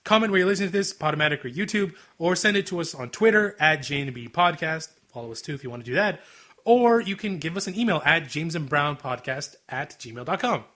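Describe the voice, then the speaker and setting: A young man co-hosting a casual podcast, talking quickly, laughing often and acting out bits of dialogue. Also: on the high side, expressive, pushed and bright. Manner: rapid, laughing, acts out anime dialogue in quick asides. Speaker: podcast co-host. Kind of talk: casual chat.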